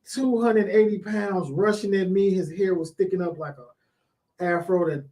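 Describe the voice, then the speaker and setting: A man's voice: high voice, fairly even intonation, unhurried, mellow, rough recording. A man telling a work story in casual chat, acting out the people he quotes. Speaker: guest.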